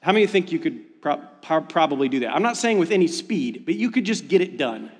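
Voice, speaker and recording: A man preaching as a pastor, telling a story in an animated, self-deprecating way. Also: brisk, big-room sound. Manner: animated, self-deprecating storytelling with rising pitch when excited. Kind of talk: sermon.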